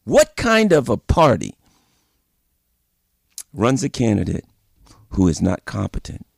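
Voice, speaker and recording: A man hosting a political commentary show, delivering an animated opinion monologue full of repeated points and rhetorical questions. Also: mid-range voice, takes it slowly, vocal fry, no echo, clean studio sound.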